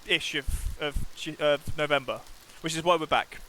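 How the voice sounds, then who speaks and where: A man's voice: fairly high pitch, normal speed, sharp tone, a little hiss or hum. A man streaming a video game, chatting playfully and reading the game's text aloud, often restarting his sentences.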